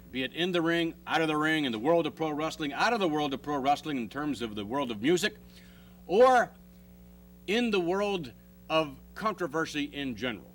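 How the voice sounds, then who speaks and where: A man hosting a talk show, asking questions in a formal, wordy way. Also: a little high.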